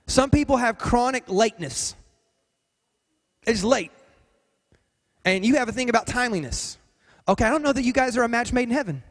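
A man's voice: very high voice, lively intonation, moderate pace, long pauses, big-room sound. A man preaching a sermon as pastor, with an emphatic, repetitive cadence.

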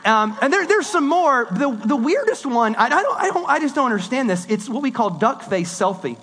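A man preaching a sermon in a conversational, animated way, swinging between loud and hushed delivery. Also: extremely high pitch, brisk, breathy edge. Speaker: pastor.

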